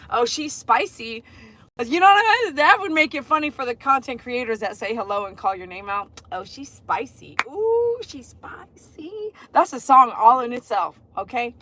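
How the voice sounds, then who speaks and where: A woman's voice: fairly high pitch, bright, forceful tone. A middle-aged woman, chatting on a livestream, effusively greeting viewers by name and leading sing-song chants. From Texas. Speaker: dog groomer and livestream host. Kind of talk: casual livestream chat.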